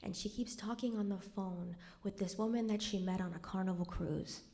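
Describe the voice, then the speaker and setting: A woman's voice: medium pitch, fairly even intonation, moderate pace, dark tone, a little hiss or hum. Wry woman telling a story on stage. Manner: conversational and wry, dropping to a near whisper at somber moments. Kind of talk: live personal storytelling on stage. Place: cultural center stage before an audience.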